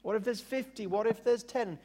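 A male preacher voicing a patriarch who pleads with an angry God to calm down, raising his voice higher than his plain speech. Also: brisk, close to an everyday voice. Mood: pleading.

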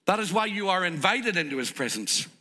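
Bright, animated male preacher. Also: high voice, a little fast, long reverb tail. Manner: animated, emphatic, plays out stories. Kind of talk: sermon. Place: church.

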